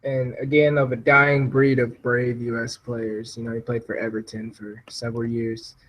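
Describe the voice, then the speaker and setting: A man's voice: mid-range voice, level tone, moderate pace, a bit bright, rough recording. A young man chatting casually about sports as a podcast guest, joking and mocking players. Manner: joking, mocking, laughs often.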